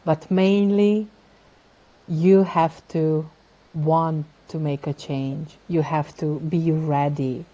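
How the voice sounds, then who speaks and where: A woman coach answering a talk show question in a hesitant, measured way. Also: low-pitched, fairly even intonation, dark tone, muffled recording.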